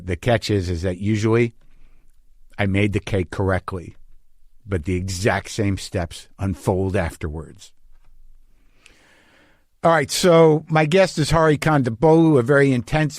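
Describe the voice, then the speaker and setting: A man's voice: lowish voice, dry recording, studio quality. A man hosting a podcast, telling a story in a casual monologue, swearing often and mocking himself. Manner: profane, self-deprecating storytelling. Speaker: podcast host.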